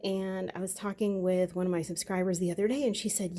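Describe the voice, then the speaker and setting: A woman's voice: fairly low pitch, fairly even intonation, brisk, few pauses, mellow. A middle-aged woman talking on her own channel in a rambling, conversational monologue full of fillers. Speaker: vlogger. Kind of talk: casual monologue.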